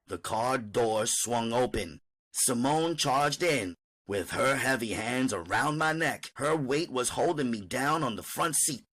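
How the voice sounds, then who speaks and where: Man reading an audiobook with lively pitch. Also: a little slow, husky. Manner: first-person narration, animated. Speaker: audiobook narrator.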